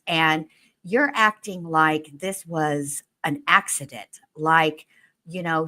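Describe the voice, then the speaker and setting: A woman's voice: on the low side, sharp tone. A woman co-hosting a casual true crime chat, talking bluntly and swearing as she gets heated. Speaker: true crime podcast co-host. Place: home studio, livestream.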